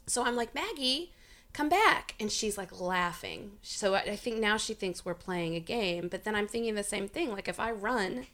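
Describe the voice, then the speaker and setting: A woman in her thirties, a guest telling a story in casual chat, animated and laughing as she acts out quoted voices. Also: medium pitch, normal speed, few pauses.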